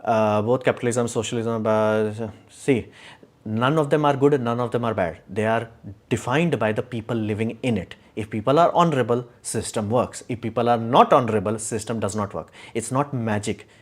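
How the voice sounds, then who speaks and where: A man's voice: medium pitch, moderate pace. A man hosting a casual livestream, blunt and opinionated, rambling with many fillers as he answers chat.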